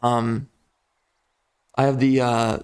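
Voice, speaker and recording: A man's voice: medium pitch, level tone, takes it slowly, darkish tone, clear, resonant tone. A man giving casual gameplay commentary, ranting in a mock-outraged, sarcastic way. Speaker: strategy game YouTuber.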